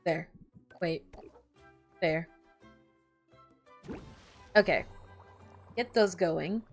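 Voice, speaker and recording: A young woman streams a game with faint background music, her fairly low voice moving very slowly. She chats casually, laughs often, and swears while telling stories.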